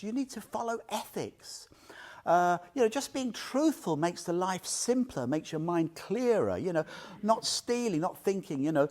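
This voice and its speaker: Older man, chatty Dharma talk, lively pitch swings, heartfelt. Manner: chatty, emotional, frequent "yeah?" and "you know". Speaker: Buddhist teacher giving a talk. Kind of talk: informal Dharma talk with personal stories.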